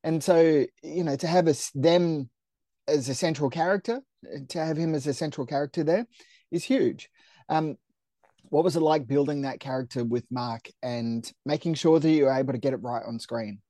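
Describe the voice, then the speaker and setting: A man's voice: a little high, steady tone, moderate pace, dark tone, no room sound. A man interviewing a guest with casual, chatty questions. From Australia.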